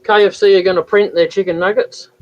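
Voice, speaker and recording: A joking man hosts a live stream in casual chat, ribbing his viewers and laughing as he goes. His voice sits a little high for a man. The audio comes through dull and lo-fi. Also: fairly even intonation, quick pace, a little mellow. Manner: joking, teasing, laughs often.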